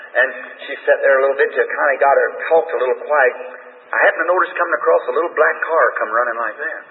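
A man's voice: mid-range voice, fast talker. A man preaching a sermon, telling a story in a folksy, conversational way with quoted dialogue, in a large hall on an old recording. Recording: tinny, distant, echoey old hall recording.

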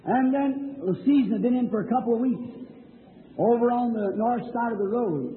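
A male preacher with a strikingly high voice tells a folksy, earnest story that swells into fervent appeals. The sound is thin and phone-like, with a long reverb trailing off the walls of a hall. A faint hiss sits under it all. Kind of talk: sermon with storytelling. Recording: tinny, lo-fi old recording with long hall reverb.

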